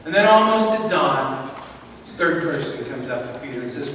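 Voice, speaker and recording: A man's voice: mid-range voice, expressive, normal speed. A middle-aged man, a pastor, preaching a sermon and telling the story vividly, acting out the voices of its people. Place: large church hall. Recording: echoey hall from far off, faint noise.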